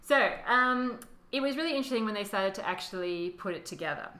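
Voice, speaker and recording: In a roomy-sounding recording, a woman with a mid-range, expressive, sharp-toned voice co-hosts a podcast. She talks a little fast while casually explaining history, mixing in fillers and lots of laughter.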